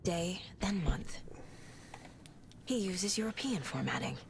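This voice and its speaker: A woman voicing a terse investigator in a video game, heard quietly under the stream. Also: lowish voice, expressive, slow, creaky, slight background noise, heavily acted. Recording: faint game audio from far off.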